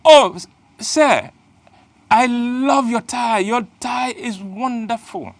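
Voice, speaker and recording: A man voicing a young woman shop assistant, sweetly admiring and flattering. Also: very high voice, slow, creaky, no echo, voice pushed up, heavily acted.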